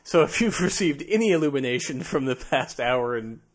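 A man's voice: mid-range voice, expressive, brisk. A man hosting a skeptic podcast, chatting casually and joking with laughter. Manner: jokey, laughs often, playful. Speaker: podcast host.

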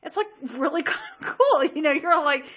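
Female podcast co-host, upbeat, giggly, somewhat high voice. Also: expressive, moderate pace, a bit bright, slight background noise. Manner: bubbly, giggly, reads news items. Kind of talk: casual chat.

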